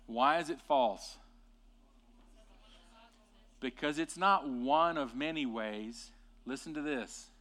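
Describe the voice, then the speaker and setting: A man preaching a sermon with passion, rising to loud emphatic peaks and dropping to quiet, deliberate lines. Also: medium pitch. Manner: impassioned, swings from hushed to loud and emphatic.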